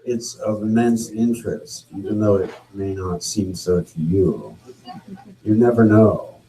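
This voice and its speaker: A man hosting a live gathering, talking casually with pauses and fillers. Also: lowish voice, a little hiss or hum, low-quality recording. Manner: relaxed, hesitant, with fillers. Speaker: event host. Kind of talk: casual emcee patter.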